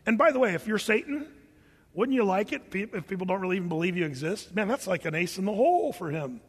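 A man's voice: high-pitched, expressive, fast talker, slightly rough, big-room sound. An older man preaching a sermon, telling stories with humor and sound effects. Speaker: pastor.

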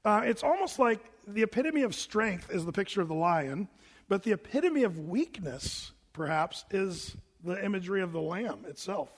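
High-voiced preacher in an echoing hall. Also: male voice, moderate pace. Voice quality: animated storyteller, lively and chatty. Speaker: pastor teaching a Bible study. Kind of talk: conversational verse-by-verse sermon.

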